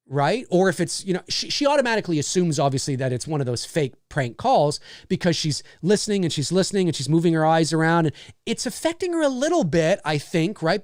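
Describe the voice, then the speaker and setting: A man's voice: fairly high pitch, no echo, studio quality. A man hosting a casual livestream, animatedly talking through film scenes he made. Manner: animated, acts out scenes as he explains.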